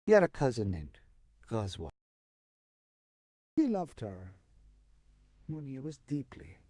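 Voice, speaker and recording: A man recounting a folk tale with a lively, rising-and-falling delivery. His voice is lowish and mellow, and it sits close and dry with no room sound. He leans hard on some phrases and lets others fall almost to a murmur. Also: no room sound. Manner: expressive, swings from soft to emphatic. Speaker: storyteller. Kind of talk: dramatic oral storytelling.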